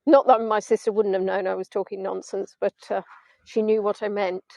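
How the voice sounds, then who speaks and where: A woman's voice: medium pitch, flat delivery, brisk, gravelly, a little mellow, no room sound. A woman guiding a live virtual tour from a beach at sunset, filming on a phone on a gimbal and chatting in a rambling, self-mocking way with playful asides.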